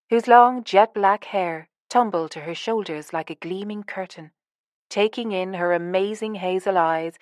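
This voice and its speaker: An audiobook narrator, a woman with a fairly low voice, reads a novel aloud in a measured, even storytelling style. The scripted narration is recorded in a clean studio with no echo.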